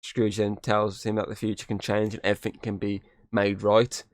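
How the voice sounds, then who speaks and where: A man's voice: fairly low pitch, little pitch movement, moderate pace, dry recording, clean studio sound. Man retelling a film casually. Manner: rambling retelling with quoted character lines. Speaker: podcast host. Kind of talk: casual movie recap.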